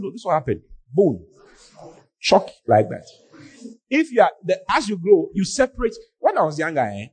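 A man preaching on a podcast, scolding with animated rhetorical questions and shouting for emphasis. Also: a little high, breathy edge.

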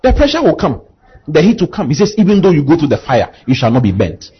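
A man's voice: on the high side, wildly swooping pitch, fast, husky, muffled recording. A male pastor preaching a sermon, asking the congregation to repeat after him and building to impassioned emphasis. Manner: call-and-response preaching, rising to impassioned emphasis.

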